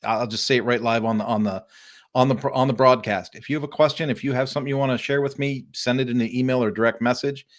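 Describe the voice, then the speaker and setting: A middle-aged man hosting a casual live-streamed interview, telling lively stories and acting out friendly greetings. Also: mid-range voice, fast talker. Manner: animated storyteller, acts out friendly greetings. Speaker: podcast host. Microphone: remote live-stream call.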